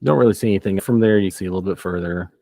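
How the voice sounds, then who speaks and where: A man's voice: low voice, rapid-fire, creaky, dark tone. A man narrating as game master, loose and descriptive, often laughing.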